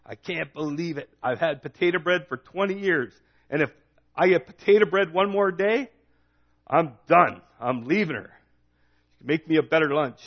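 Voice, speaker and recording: Man doing an exasperated male worker, joke figure, complaining, higher pitch, dull lo-fi. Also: expressive, moderate pace. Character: Irish worker sick of potato bread, male.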